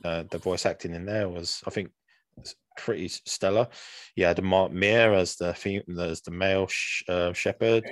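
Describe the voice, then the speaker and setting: Deep-voiced rambling man on a podcast. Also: steady tone, normal speed, no room sound. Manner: rambling, many fillers and restarts. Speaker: podcast co-host. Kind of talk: casual chat.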